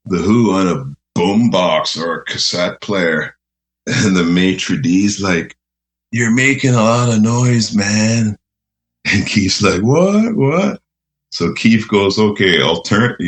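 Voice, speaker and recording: Guest: very low-voiced man, unhurried, chuckles through goofy stories. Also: fairly bright tone. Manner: laughing, rambling anecdotes, says "eh". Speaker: radio host guest. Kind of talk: casual storytelling.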